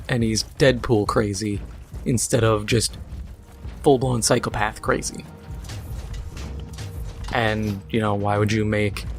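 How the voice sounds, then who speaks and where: A man hosting a gaming video, chatting casually and sarcastically ranting while he plays. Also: on the low side.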